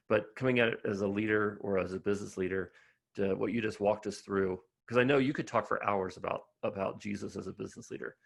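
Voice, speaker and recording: A low-voiced man hosts a podcast interview in an earnest, casual way. He stumbles and restarts his words as he responds to his guest. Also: vocal fry. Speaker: podcast host.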